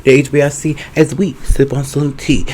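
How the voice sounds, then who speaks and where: A man hosting a podcast, talking loud, campy and playful in casual chat. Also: medium pitch, little pitch movement, moderate pace. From New York. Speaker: podcast host.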